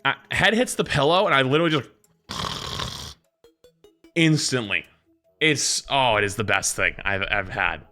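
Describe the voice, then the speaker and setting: Lively, animated male streamer. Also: mid-range voice, moderate pace, faint music behind. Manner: animated storyteller, mimics other people's voices. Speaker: live streamer. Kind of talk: casual live-stream chat.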